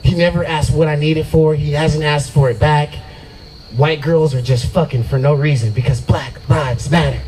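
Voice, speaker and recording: A man's voice: a little high, fairly even intonation, moderate pace, darkish tone, slight background noise, rough recording. Profane, loose stand-up comic man. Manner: profane, loose and boastful, laughing at own jokes. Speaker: stand-up comedian. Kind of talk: stand-up comedy set. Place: open mic at a brewery, out of doors.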